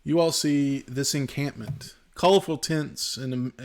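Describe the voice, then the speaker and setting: A man narrating a tabletop game as game master, describing the scene with frequent pauses and ums. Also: on the high side, darkish tone. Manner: descriptive, hesitant with many ums.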